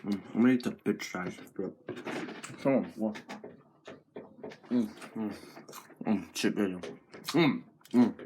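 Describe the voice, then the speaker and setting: A teenage boy in a crude, profane comedic rant to camera, with a mocking deadpan drawl. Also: lowish voice, unhurried, pauses often, noisy background. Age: teens. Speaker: vlogger.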